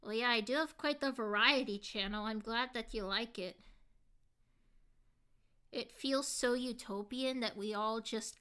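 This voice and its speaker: A woman's voice: fairly high pitch, a bit bright, clean tone. A woman streamer in casual live chat, reading her viewers' comments aloud and answering them earnestly, saying "like" a lot. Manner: earnest, heartfelt.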